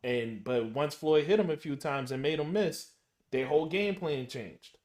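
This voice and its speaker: A man hosting a podcast in casual chat, halting and restarting as he builds his questions. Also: fairly high pitch, darkish tone. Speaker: podcast host.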